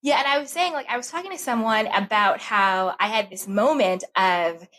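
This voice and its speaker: A woman guest talking about self-love as a coach in a conversational interview, telling stories in an animated, emphatic way. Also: mid-range voice, moderate pace, poor audio. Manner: animated storytelling, expressive and emphatic.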